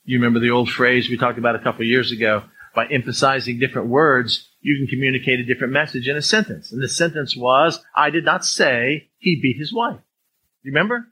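A man's voice: medium pitch, quick pace, hardly any pauses, sharp tone, slight background noise, low-quality recording. A man preaching a conversational sermon as a pastor, reading verses and acting out everyday speakers. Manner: conversational, acts out swearing speakers in a raised voice.

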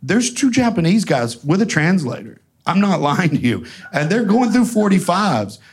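A man telling profane, animated stories in a casual way, laughing often. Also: sits high, moderate pace, breathy edge. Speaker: storyteller guest. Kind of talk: casual storytelling before an audience.

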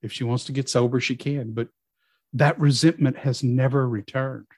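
A middle-aged man telling a personal recovery story, acting out quoted dialogue with lively storytelling. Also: medium pitch, moderate pace, breathy edge, no room sound, clean studio sound. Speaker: guest in recovery.

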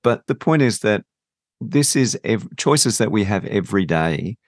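A middle-aged man hosting an interview, speaking in a reflective, measured way with some hesitations. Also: fairly low pitch, lively intonation, no room sound, clean studio sound. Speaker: podcast host. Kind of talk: interview conversation.

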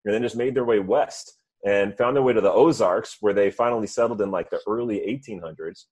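A man's voice: lowish voice, fairly quick, a little mellow, husky. A man in casual chat who rambles through loose stories full of fillers.

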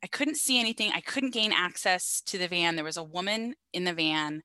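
A woman with a bright, forward voice tells a story from her work as a paramedic, animated and loose with her swearing. She laughs through it in a relaxed chat. The recording is dry and close. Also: on the low side, fairly quick, dry recording, rough recording.

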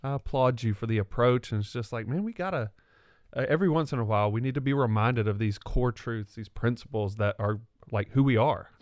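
A man's voice: mid-range voice, brisk, no room sound, studio quality. A man co-hosting a faith podcast, casual and encouraging, often agreeing and laughing. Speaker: podcast co-host. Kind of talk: casual chat.

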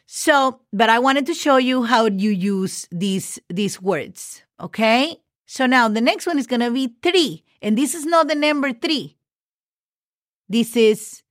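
A woman's voice: fairly high pitch, no room sound, clean studio sound. A woman hosting a casual podcast lesson, patiently spelling words letter by letter and often checking in with "okay". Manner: slows down for example sentences. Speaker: Spanish teacher podcast host.

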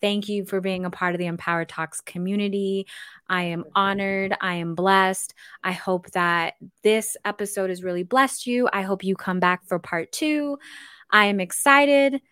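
A woman's voice: mid-range voice, fairly even intonation, normal speed, clean tone, no room sound. Woman hosting a podcast, upbeat and playful, says y'all, dry close mic. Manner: warm, upbeat, uses y'all and playful asides. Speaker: podcast host. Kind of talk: casual podcast chat and outro.

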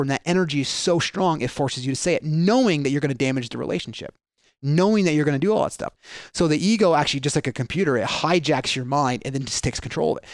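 Animated man explaining with dry close sound. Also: a little high, no room sound. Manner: animated storyteller, acts out quoted voices, frequent restarts. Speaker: guest speaker on mindset. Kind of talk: conversational podcast explanation.

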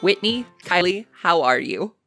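A woman's voice: lowish voice, lively intonation, unhurried, bright, forceful tone, soft background music. A woman with a Canadian accent hosting a podcast, reading the intro and promos in a chatty, upbeat way and asking interview questions. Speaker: podcast host.

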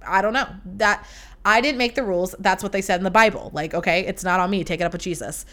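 Young woman podcasting, loose and sweary storytelling, bright voice, average pitch. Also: fast. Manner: profane, animated storytelling. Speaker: podcast host. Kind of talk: casual storytelling.

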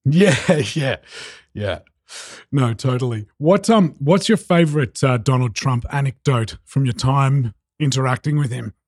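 A man's voice: mid-range voice, a little slow, darkish tone, no echo, studio quality. A man hosting an interview who thinks aloud with many hesitant restarts. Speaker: podcast host. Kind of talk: conversational interview.

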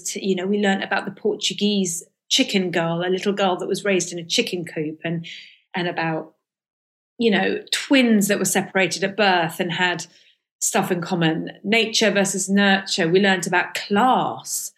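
A woman's voice: on the low side, fairly even intonation, moderate pace. A middle-aged woman comedian guest recalling school days in a candid, hesitant way, with many restarts. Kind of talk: reflective casual interview talk.

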